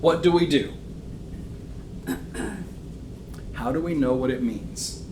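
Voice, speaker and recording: His medium-pitched, darkish voice moves slowly as he chats through a church Bible lesson with a live class. The recording carries a roomy echo and faint room noise, and he often says "um" and keeps asking "okay?"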